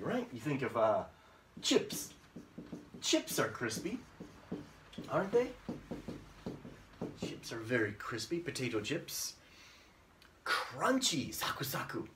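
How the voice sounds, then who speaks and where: A man teaching an online English lesson, saying words slowly and repeating them with frequent tag questions. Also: mid-range voice, a bit bright, slight background noise.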